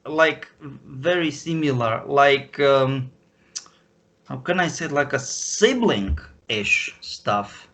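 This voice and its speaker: Slow, halting man on a call. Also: medium pitch, expressive, a bit bright. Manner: halting, searching for words. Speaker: guest. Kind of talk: casual online chat. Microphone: video call.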